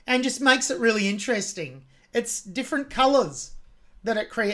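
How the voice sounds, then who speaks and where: A woman's voice: mid-range voice, fairly bright tone. A woman with an Australian accent hosting a song reaction, talking through a singer's technique with open admiration. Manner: admiring, analytical about vocal technique. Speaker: music reaction host.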